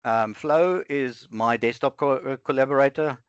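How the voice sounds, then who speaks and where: Speaking in a smooth, mid-range voice, a man walks through a live software demo on a screen-shared webinar. He thinks aloud casually, stumbles over fillers, and keeps correcting himself, all captured in dry, dull, low-fidelity online call audio with no room sound.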